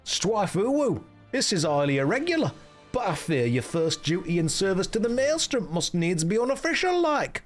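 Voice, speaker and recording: A man voicing a gruff, commanding male naval officer in a video game, his put-on accent drifting between dialects as he reads. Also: fairly high pitch, moderate pace, soft background music, pitched above the performer's own voice, close to an everyday voice. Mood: formal, commanding.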